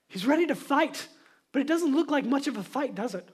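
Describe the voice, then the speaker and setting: A male pastor giving a sermon, moving from casual storytelling to loud, emphatic preaching. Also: very high voice, expressive, a little fast, husky.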